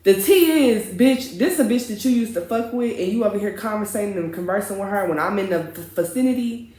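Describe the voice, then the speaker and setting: A young woman spills a messy dating story straight to her viewers, animated, profane and full of slang. Her voice sits at an ordinary middle pitch. The room around her rings with a noticeable echo. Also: fairly quick. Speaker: vlogger. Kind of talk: casual storytime vlog. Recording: roomy, echoey room.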